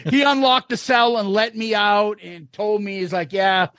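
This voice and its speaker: A man's voice: sits high, normal speed, a bit bright, no room sound. A man in his fifties co-hosting a casual podcast, telling a rowdy story full of swearing and laughter and acting out the voices in it. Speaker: podcast co-host.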